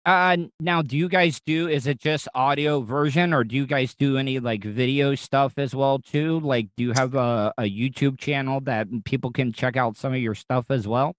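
A man's voice: medium pitch, steady tone, normal speed, hardly any pauses, dry recording. An American man from Florida hosting a casual podcast interview outdoors, rambling and repeating words as he jokes. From Central Florida, US. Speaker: podcast host. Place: outdoors in rain, taking cover.

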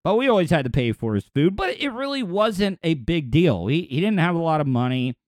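A talkative man who rambles through casual chat and repeats his words as he goes. His voice sits a bit high for a man. The recording is dry and close, with no room sound. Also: big pitch swings, a little fast, a little mellow, no room sound. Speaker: podcast host.

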